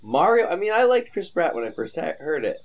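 A young man co-hosting a podcast in casual chat, talking animatedly and slipping into quick impressions. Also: a little high. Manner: animated, drops into impressions and quotes while talking. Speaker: podcast co-host.

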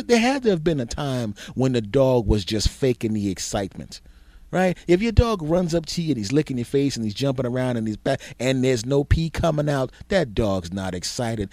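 A man's voice: mid-range voice, darkish tone, dry recording. Man ranting in a crude comedy monologue. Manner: rambling, crude, exaggerated storytelling. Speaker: podcast host.

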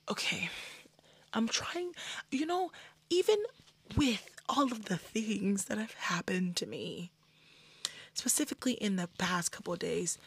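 A young woman in her twenties hosting a casual podcast, animated, swinging between loud venting and soft asides. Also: mid-range voice, creaky, breathy edge, dry recording. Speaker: podcast host.

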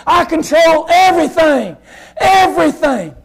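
A man preaching a sermon, voicing God as a commanding, reassuring male deity who booms out his words. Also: animated, a little slow, exaggerated voice, rough recording. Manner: booming and emphatic.

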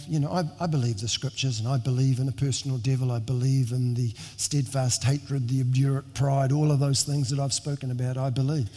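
A middle-aged male pastor preaching in a church hall, his mid-pitched voice carrying a long echo around him. He talks earnestly and conversationally, often restarting his sentences and making wry asides about himself. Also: mellow. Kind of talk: sermon with storytelling. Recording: long reverb of a large hall.

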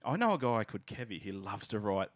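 A man's voice: lowish voice, sing-song, quick pace, no echo. A man with an Australian accent co-hosting a casual sports podcast, full of crude, swearing banter. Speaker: podcast co-host. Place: small room at a table.

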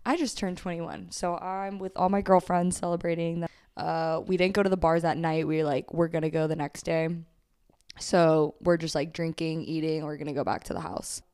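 A woman's voice: deep voice, flat delivery, normal speed, a little mellow, smooth. A young woman from Texas co-hosting a podcast, telling a rowdy story in casual, profane chat full of laughs and "like"s. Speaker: podcast co-host.

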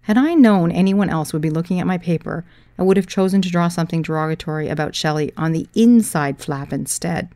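Brief: woman narrator, memoir read, wry and dry, gravelly low voice, dead-dry sound. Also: a little fast, few pauses, warm tone, no echo.

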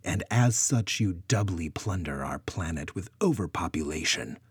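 A man's voice: deep voice, expressive, normal speed, breathy edge, no room sound, heavily acted. A man voicing a blunt, hostile Bigfoot council elder who talks down to others. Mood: condescending. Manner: condescending, curt.

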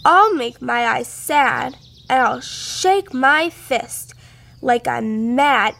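A woman's voice: lively intonation, drawn-out words, gravelly, heavily acted. A woman doing a chirpy, cheerful little girl. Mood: eager. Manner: bright, eager, high-pitched. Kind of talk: storybook read-aloud.

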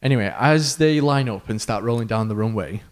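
A man's voice: medium pitch, a little fast. A man co-hosting a podcast, telling a long story in a casual way and acting out the voices of the people in it. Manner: animated storyteller who acts out quoted voices, with fillers. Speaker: podcast co-host.

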